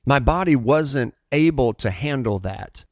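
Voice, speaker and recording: A middle-aged man with a Southern US accent shares a personal testimony as a pastor. His voice sits in an ordinary middle pitch. He speaks earnestly, with halting restarts, in a dry, close recording. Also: animated, no echo.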